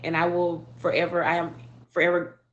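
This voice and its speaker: A widowed woman telling the story of her husband's death in a halting, emotional way, with many restarts and fillers. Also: on the low side, monotone, dull audio, slight background noise. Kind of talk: personal storytelling.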